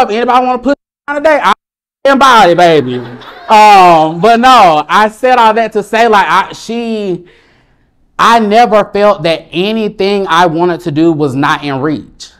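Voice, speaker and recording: A young Southern man speaks in a fairly high voice while giving a personal storytelling speech. His delivery is animated and playful, with sudden high excited bursts between calmer stretches. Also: moderate pace, clean tone. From Alabama, US. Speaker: motivational speaker.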